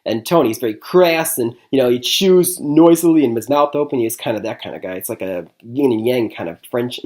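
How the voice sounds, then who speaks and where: A man's voice: medium pitch, lively intonation, brisk, a little mellow. A man from Michigan giving a casual, chatty movie review. He talks loosely, with frequent "I mean" and "like I said", and he laughs often. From Michigan, USA.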